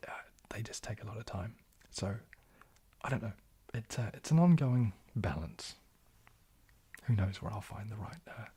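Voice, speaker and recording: A man with a New Zealand accent hosting an ASMR livestream, moving between whispers and soft speech, hesitant with many fillers. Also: fairly low pitch, slightly rough. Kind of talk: whispered, soft-spoken chat.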